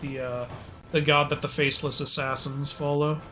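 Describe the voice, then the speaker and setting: A man chats as a guest on a co-op game stream, cracking jokes and laughing often. His voice sits a little high and sounds bright and forward. He keeps the talk loose and casual. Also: little pitch movement, moderate pace, slight background noise. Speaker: guest co-op player. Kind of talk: casual gaming chat.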